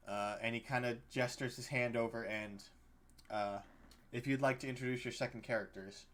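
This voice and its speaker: A man's voice: mid-range voice, fairly even intonation, normal speed, a bit bright, slight background noise. A man narrating as game master, casual and loose, with lots of fillers and restarts as he recaps and sets scenes. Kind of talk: narrating a tabletop game over a call.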